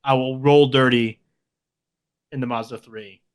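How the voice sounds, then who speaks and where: A man's voice: medium pitch, steady tone, unhurried, smooth. A man co-hosting a podcast in casual chat, with dry joking asides. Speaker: podcast co-host.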